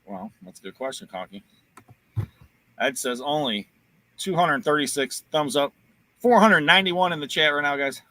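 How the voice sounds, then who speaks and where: A man's voice: on the high side, normal speed, long pauses, pushed and bright. A man from Ohio hosting a casual livestream, joking around and reading viewer comments aloud. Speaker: livestream host and auctioneer.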